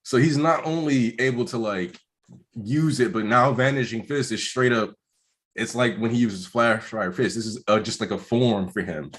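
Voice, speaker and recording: A young man co-hosting a casual manga discussion, explaining points in a relaxed, slangy way. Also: mid-range voice, normal speed. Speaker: co-host.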